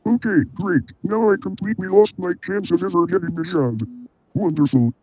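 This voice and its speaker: A man's voice: sits high, animated, normal speed. A text-to-speech voice playing a flustered man worried about losing his job. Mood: exasperated. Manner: jumpy, exasperated. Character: flustered male synth voice fearing job loss. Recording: dull lo-fi audio.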